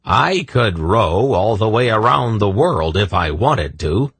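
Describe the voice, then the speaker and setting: A man's voice: on the low side, expressive, takes it slowly, gravelly, a bit bright, breathy edge, no echo, voice pushed up, exaggerated voice. A man voicing a gnarled, boastful little hunchback sorcerer who teases in a mock brogue. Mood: cocky.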